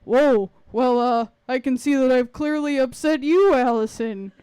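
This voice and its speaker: A woman's voice: high voice, measured pace, mellow, smooth, dry recording. Woman playing a bewildered, oblivious man. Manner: puzzled, hesitant.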